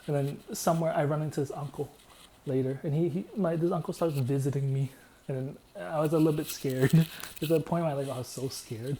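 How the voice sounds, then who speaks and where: A man telling long, meandering stories in a deadpan, repetitive way. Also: on the high side, a little fast, a little hiss or hum. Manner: meandering, deadpan, repeats himself. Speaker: vlogger. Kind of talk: rambling storytelling monologue.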